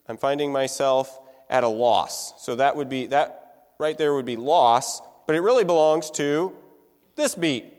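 A man's voice: on the high side, big-room sound. A man teaching music to a room full of people, talking casually and asking them questions. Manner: conversational, asks the room questions. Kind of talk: classroom lecture.

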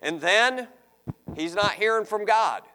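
A man preaching a sermon, reading scripture and acting out pleading voices with animated emphasis. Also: high-pitched, takes it slowly. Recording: long hall reverb.

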